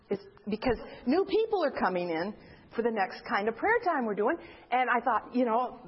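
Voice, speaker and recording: A high-pitched woman with a husky voice tells a story from her church to a group. She acts out the voices of each person she quotes. The recording sounds dull and lo-fi. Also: sing-song, fairly quick. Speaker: church member giving a testimony.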